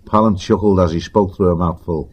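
A man narrating an audiobook in a measured, even storytelling manner. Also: sits low, slightly rough, highs cut off.

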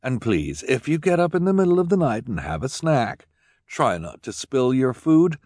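A man voicing a mild, agreeable middle-aged man in an audiobook, gentle and accommodating. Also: mid-range voice, sing-song, moderate pace, dry recording, clean studio sound, pitched above the performer's own voice.

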